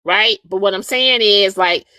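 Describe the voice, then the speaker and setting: A woman's voice: mid-range voice, measured pace, bright, forceful tone, clean tone, dry recording. Woman host, casual live chat, emphatic and repetitive, dry close sound. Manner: emphatic, repetitive, addresses listeners as "y'all".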